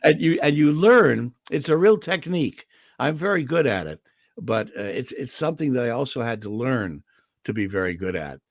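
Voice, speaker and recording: Older male voice actor, lively storyteller, throat clearing a lot, dry close sound. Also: medium pitch, normal speed, dry recording. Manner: animated anecdotal delivery with restarts. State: throat irritated, clearing it often. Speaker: voice actor guest. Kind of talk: interview storytelling. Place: home in California.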